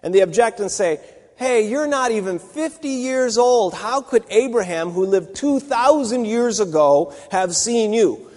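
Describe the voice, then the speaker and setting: A man's voice: sits high, animated, a little slow, a little mellow. Man teaching scripture in a reverberant hall. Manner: conversational, thinking aloud with fillers and restarts. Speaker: Bible teacher. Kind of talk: Bible teaching talk.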